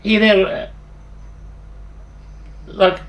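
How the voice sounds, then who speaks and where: Older Australian man spinning yarns. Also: very slow. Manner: swearing freely, restarting sentences, laughing at his own stories. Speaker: storyteller. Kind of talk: rambling anecdotal storytelling.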